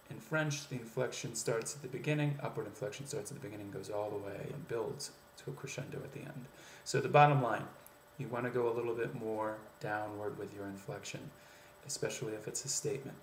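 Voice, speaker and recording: A man teaching pronunciation as an accent coach, explaining step by step with many "um" pauses and spoken demonstrations. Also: lowish voice, steady tone, a little hiss or hum. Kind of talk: instructional video lesson. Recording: echoey room, faint ambience.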